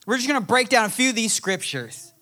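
A man's voice: extremely high pitch, very animated, fast talker, sharp tone. A man preaching a sermon, reading scripture aloud and building to emphatic, passionate points. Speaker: pastor.

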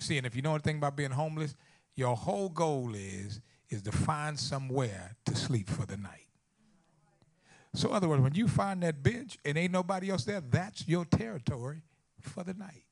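A man preaching a sermon. He rises to loud, fervent lines and drops to hushed, near-whispered storytelling, repeating phrases for emphasis. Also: on the high side.

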